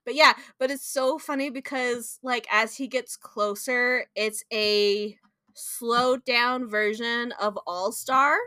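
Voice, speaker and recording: A woman's voice: fairly high pitch, fairly even intonation, slow, sharp tone, no echo, clean studio sound. A young woman co-hosting a podcast, chatting casually and telling stories animatedly with playful sound effects and laughter. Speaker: podcast co-host. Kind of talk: casual chat.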